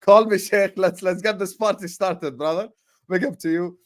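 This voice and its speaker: A man with a fairly high voice hosts a live football stream. He sounds upbeat as he gives shout-outs, reads viewer messages, and keeps urging the chat to get involved. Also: fairly even intonation, moderate pace. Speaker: host. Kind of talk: live-stream football talk, reading super chats.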